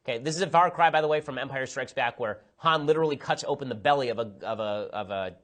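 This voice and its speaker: Man, sarcastic, exasperated, fast opinionated film review, medium pitch. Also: fairly bright tone. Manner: sarcastic, exasperated, quick-firing rants. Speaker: political commentator.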